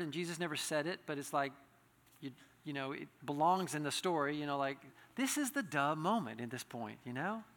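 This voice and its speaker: This is a pastor's sermon, spoken in a high and bright male voice within a hall full of long reverb. Earnest at first, he builds to impassioned pleading, often starting his phrases over, and the sound lingers in echo.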